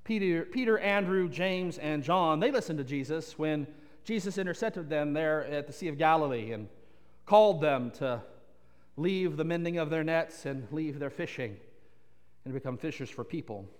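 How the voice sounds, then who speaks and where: A man preaching a sermon as pastor, animated and repetitive, with playful asides. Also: a little high, normal speed, in a large hall.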